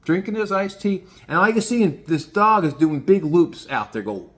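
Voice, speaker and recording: A man telling a casual story in an animated, swearing manner. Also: high voice, normal speed. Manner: animated, swearing, lots of restarts. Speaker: vlogger.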